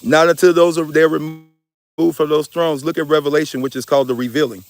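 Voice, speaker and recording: This spiritual speaker, a man with a fairly high voice, talks fast in a flat delivery. His talk is impassioned, emphatic and preachy, full of casual slang and swearing, and he keeps addressing his listeners as y'all.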